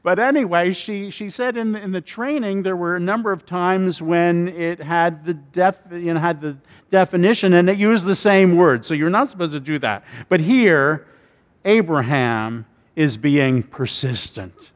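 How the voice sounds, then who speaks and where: Slow-speaking male preacher in a reverberant hall. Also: high-pitched. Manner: halting, with repeated words and restarts. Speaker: pastor. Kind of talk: sermon.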